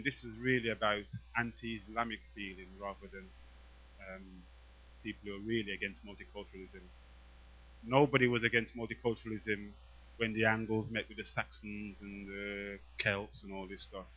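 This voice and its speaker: A man's voice: lowish voice, normal speed, muffled recording. A man, a poet, performing rhythmic spoken-word verse and chatting loosely between pieces to a live audience. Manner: rhythmic, emphatic declaiming, relaxed asides with fillers. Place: live venue before an audience.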